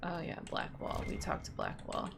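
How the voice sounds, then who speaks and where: A woman's voice: normal speed, background noise. Chatty woman streaming and reading game text. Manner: chatty, self-mocking, swears, reads in-game text aloud. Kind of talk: casual game commentary and reading aloud.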